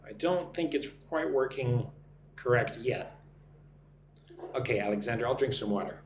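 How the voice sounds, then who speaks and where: A man from the United States with an animated, mid-range voice runs a live online English lesson at a moderate pace. He names viewers as he greets them and drills phrases for them to say back, with echo and a faint hum in the recording.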